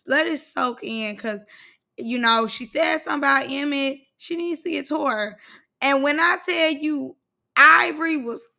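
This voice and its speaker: A woman's voice: high-pitched, a little slow, gravelly, bright, forceful tone. A woman vlogger recapping a reality show in casual, blunt, slangy commentary.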